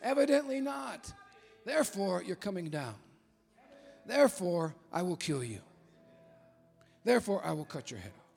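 A man voicing the young warrior David as a fierce, defiant youth who shouts his challenge slowly and with weight. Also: high voice, sing-song, gravelly, slightly rough, big-room sound, faint music behind, exaggerated voice. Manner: shouting, slow and emphatic.

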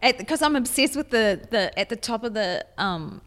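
A woman's voice: on the high side, expressive, normal speed, fairly bright tone, long reverb tail. A woman co-hosting a casual podcast, chatty and joking. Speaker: podcast co-host. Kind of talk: casual chat.

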